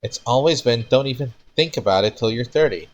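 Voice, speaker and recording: A man's voice: mid-range voice, lively intonation, brisk, muffled recording, pitched above the performer's own voice, lightly acted. A man voicing an anxious young man who frets about love and gets flustered easily. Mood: fretful. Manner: fretful, flustered.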